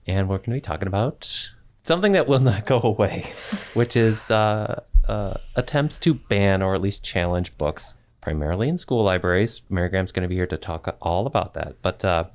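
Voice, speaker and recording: A man's voice: low voice, expressive, moderate pace. A man hosting a casual library podcast, playful with theatrical asides. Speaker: podcast host.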